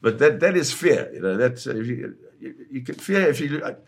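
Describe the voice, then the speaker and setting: A man's voice: mid-range voice, expressive, fairly quick, gravelly. A man, a photojournalist guest, telling a dramatic first-person story in a vivid way. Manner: vivid storyteller who slips into quoting voices.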